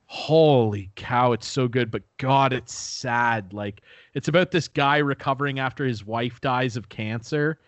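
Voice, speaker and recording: A man's voice: medium pitch, a little slow, hardly any pauses, dry recording. A young man co-hosting a podcast, rambling through a story in casual chat. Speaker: podcast co-host.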